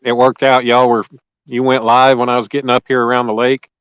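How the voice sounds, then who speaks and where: A man's voice: medium pitch, flat delivery, brisk, fairly bright tone, clean tone, no room sound, rough recording. A man, hosting a fishing livestream outdoors and chatting casually and folksily with viewers by name. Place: lakeside outdoors.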